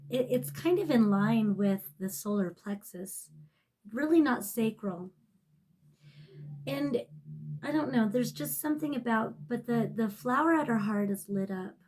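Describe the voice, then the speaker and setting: A tarot reader gives a casual reading straight to camera, rambling, swearing freely and getting emotional. Her voice runs on the high side, animated and unhurried, and often sinks to a soft near-whisper.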